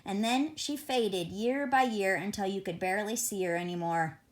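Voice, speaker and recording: A woman's voice: medium pitch, normal speed, lightly acted. A woman reading the lines of an earnest adult male schoolteacher in an audiobook, with an urgent, pleading manner.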